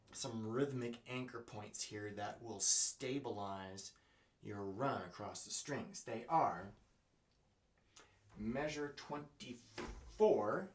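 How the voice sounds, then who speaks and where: A man gives a slow, unhurried double bass lesson, his halting talk full of pauses and fillers. He sounds set back from the mic in a roomy practice space, with the bass playing behind him. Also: recorded from a distance. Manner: halting, with fillers, scats rhythms on "da". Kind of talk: music lesson, thinking aloud while playing.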